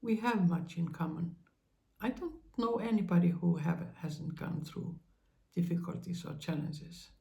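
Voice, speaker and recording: Her voice sits on the low side with vocal fry. She's a woman hosting her own spiritual channel, gently reassuring listeners in a halting monologue with frequent pauses and fillers.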